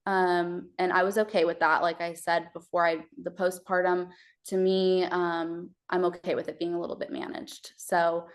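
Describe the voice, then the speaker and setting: A woman's voice: fairly low pitch, little pitch movement, normal speed. A young woman from Texas, a podcast guest telling her birth story, with many hesitant fillers.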